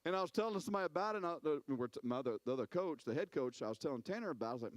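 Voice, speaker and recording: A man preaching a sermon as a pastor, telling stories in an animated way, repeating words and acting out quotes. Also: medium pitch, rapid-fire, hardly any pauses, dry recording.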